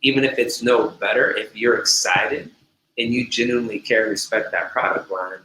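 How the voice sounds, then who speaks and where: A man's voice: lowish voice, moderate pace, pushed and bright. A man who runs a salon, talking business in an enthusiastic, conversational way on a remote call. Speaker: salon owner and co-host. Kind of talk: casual business talk. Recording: echoey room with faint hum.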